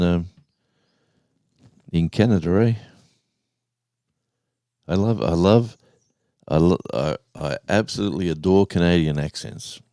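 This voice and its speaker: A man in his sixties, hosting a casual live stream, rambling and halting as he reads out the viewers' chat. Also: low-pitched, gravelly, dark tone, dry recording, clean studio sound. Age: 60s. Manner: rambling, halting, with many restarts and fillers.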